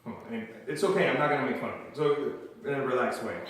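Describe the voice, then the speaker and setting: A man's voice: mid-range voice, rapid-fire, a bit bright, recorded from a distance. A man doing a stand-up comedy set, chatty and self-deprecating, often laughing at his own jokes. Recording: very echoey room from afar, faint noise.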